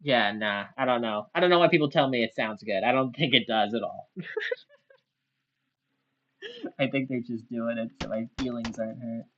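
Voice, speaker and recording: A woman's voice: very deep voice, normal speed, pauses often, dull audio. A woman live-streaming, chatting casually with her chat in a rambling, giggly, self-deprecating way.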